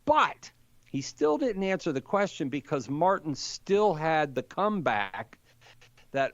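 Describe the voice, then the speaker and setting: Older man, animated storyteller, dry dull sound. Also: a little high, a little slow, no echo. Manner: animated storyteller, acts out quoted debaters. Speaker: Catholic apologist guest. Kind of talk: conversational podcast explanation.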